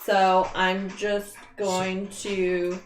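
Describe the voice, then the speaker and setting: A woman's voice: mid-range voice, monotone, very slow. A woman playing a tabletop game, thinking aloud hesitantly about what her character does. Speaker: player. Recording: roomy sound with faint music.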